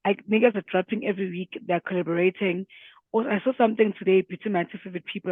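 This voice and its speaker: A man's voice: high-pitched, dry recording. A man co-hosting a music podcast, chatting casually and with enthusiasm. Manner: animated, fast, enthusiastic. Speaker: podcast co-host. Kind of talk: casual chat. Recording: tinny phone-like sound.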